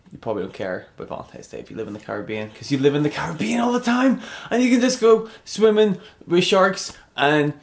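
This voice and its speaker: A man rambling through a sarcastic, deadpan comedy monologue, trailing off and mumbling between bursts. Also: fairly high pitch. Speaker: comedy vlogger.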